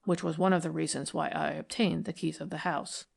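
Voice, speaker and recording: Woman reading a measured, formal gentleman. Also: fairly high pitch, fairly even intonation, gravelly, voice pushed down.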